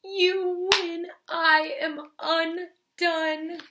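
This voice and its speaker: A woman's voice: very high voice, flat delivery, extremely slow, background noise, pitched above the performer's own voice, exaggerated voice. A woman voicing a big male bear from a storybook who blubbers and pleads dramatically. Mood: blubbering. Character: big gruff male bear, grumpy then needy.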